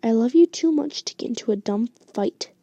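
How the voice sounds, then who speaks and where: A woman's voice: on the high side, lively intonation, moderate pace, mellow, no echo, lo-fi sound. A woman whispering as a pleading young boyfriend. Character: young man, apologetic boyfriend.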